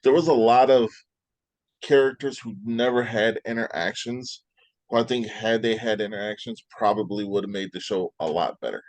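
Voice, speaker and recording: A man talking on a podcast in a casual, deliberate way, building slowly to his points. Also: lowish voice, steady tone, a little mellow, no echo. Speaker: podcast guest. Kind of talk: casual chat.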